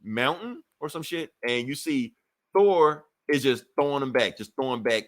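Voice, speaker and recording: A man's voice: medium pitch, lively intonation, moderate pace, a bit bright. A man co-hosting a podcast, recapping a comic book in a loose, profane, laughing way. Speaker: podcast co-host.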